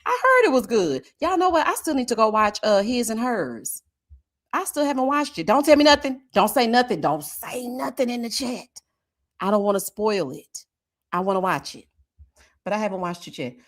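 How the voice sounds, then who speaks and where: A lively woman hosts a casual live stream, talking straight to her viewers as she reads their comments aloud. Her voice sits a little high and swings widely in pitch. She laughs often and hums long murmurs of agreement. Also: normal speed. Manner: chatty, talks straight to viewers.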